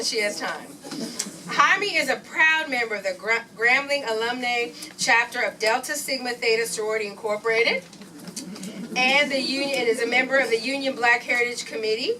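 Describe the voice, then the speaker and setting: A woman presenting at a community event, reading a guest's introduction in a formal, measured way. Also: on the high side, sharp tone, a little hiss or hum. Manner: formal, measured list-like delivery. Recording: distant mic in a room.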